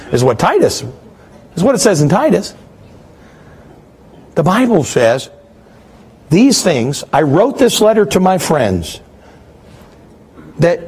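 Animated, high-voiced man preaching. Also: slightly rough. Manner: animated preacher, rising and falling emphasis. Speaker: pastor. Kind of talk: sermon.

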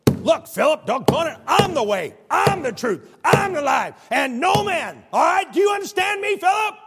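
A preacher doing a shouting, exasperated scolder. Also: male voice, very high-pitched, big pitch swings, moderate pace, in a large hall, heavy background noise, pitched above the performer's own voice. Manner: shouting, impatient. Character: exasperated man scolding a follower.

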